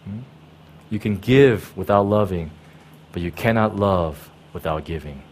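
A man's voice: sits low, a little slow, a little mellow, slight background noise. A pastor preaching a sermon in an emphatic way, repeating key words and often checking in with his listeners.

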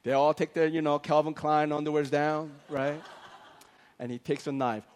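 A man preaching a sermon, animated and joking, acting out the voices of biblical figures as he tells the story. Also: fairly high pitch, normal speed, noisy background. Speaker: pastor. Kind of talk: lively comic sermon.

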